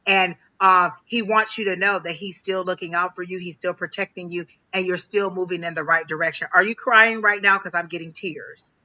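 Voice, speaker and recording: A man giving a live psychic reading on a stream, talking in a halting way, repeating phrases with many ums. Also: high voice, fairly even intonation, pushed and bright, poor audio. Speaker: psychic reader.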